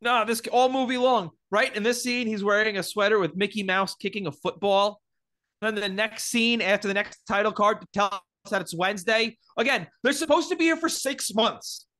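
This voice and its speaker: A man's voice: high voice, moderate pace, bright, forceful tone. A man co-hosting a podcast, chatty and picking at small movie details. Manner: chatty, nitpicky about details, laughs easily. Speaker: podcast co-host. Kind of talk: casual movie-recap chat.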